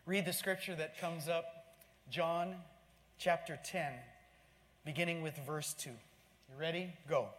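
A man preaching a sermon as pastor, exclamatory and animated, swinging between loud outbursts and hushed asides. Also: on the high side, unhurried, pauses often. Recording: long hall reverb, faint room ambience.

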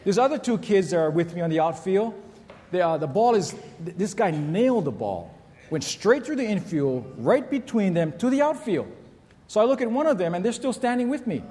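Preaching in a church, this middle-aged pastor weaves stories into his sermon, acting out their characters with shouts and children's voices. He speaks a little fast in a high-pitched voice, and the sound has a long reverb tail.

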